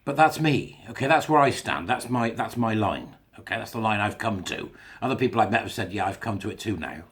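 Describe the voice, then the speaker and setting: A man's voice: lowish voice, lively intonation, brisk, a bit bright. Blunt man riffing solo. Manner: blunt, jokey, laughs at his own jokes. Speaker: podcast host. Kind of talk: casual monologue.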